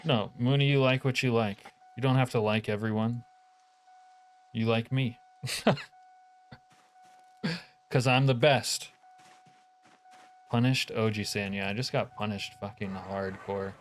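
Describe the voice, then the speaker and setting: A man's voice: medium pitch, fairly even intonation, unhurried, pauses often. A man live-streaming a game, chatting casually with his viewers, profane and joking, grumbling when things go wrong.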